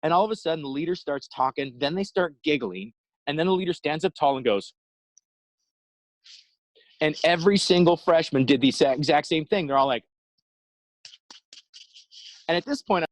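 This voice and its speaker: A man giving an inspirational talk over a video call, telling a story in an animated way and acting out the quotes. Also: fairly high pitch, moderate pace, long pauses, no room sound, poor audio. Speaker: inspirational speaker.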